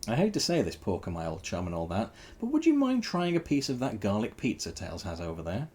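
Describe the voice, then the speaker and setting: A man's voice: on the low side, huge pitch swings, fairly quick, a little mellow, a little hiss or hum. A man voicing Sonic, a cocky young male hedgehog hero who talks in snappy slang. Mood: probing.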